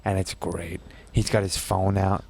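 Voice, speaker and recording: A young man with a fairly low voice tells a story, brash and profane, with a casual and joking delivery. He co-hosts a comedy chat show and swaps stories with his partner. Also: level tone, a little slow, creaky, darkish tone, husky. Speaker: co-host.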